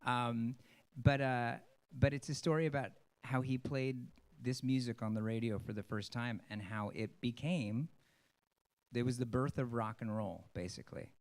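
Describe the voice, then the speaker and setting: A man, a stage actor, giving an earnest, rambling personal talk to an audience, with many pauses and ums. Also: medium pitch.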